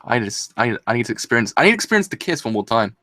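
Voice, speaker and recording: Gushing young man, lively and bright. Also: medium pitch, rapid-fire, dry recording. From England. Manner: breathless, gushing, exclamatory with rambling restarts. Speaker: anime reaction host. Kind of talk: excited solo reaction video.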